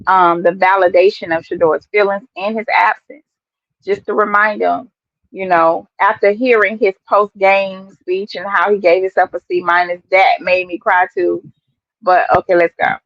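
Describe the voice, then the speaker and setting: A woman's voice: mid-range voice, no room sound. An earnest woman holds back tears while she talks to her viewers, calling them y'all. Her voice sits in the middle range. It sounds dry and close, with a slightly dull, lo-fi tone. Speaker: vlogger reacting to a clip. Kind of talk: emotional commentary to viewers.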